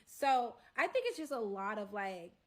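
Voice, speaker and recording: A woman hosting a casual storytime, acting out the people in her story with slangy, animated banter. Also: on the high side, normal speed, crowd noise. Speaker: storyteller host.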